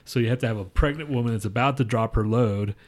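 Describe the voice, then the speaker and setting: A man's voice: mid-range voice, quick pace, darkish tone. A man co-hosting a podcast who rambles through crude jokes, swears a lot, and reads trivia facts aloud in casual banter. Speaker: podcast co-host.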